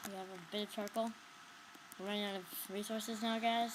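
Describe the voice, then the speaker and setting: A woman's voice: mid-range voice, level tone, a little fast, background noise. A woman giving casual commentary on her own gameplay, talking to viewers and shrieking when startled. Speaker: gamer narrating her play.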